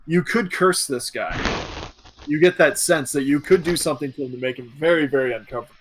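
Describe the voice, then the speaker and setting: A man narrating a tabletop game as game master in a casual, relaxed way. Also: on the high side, fast, husky.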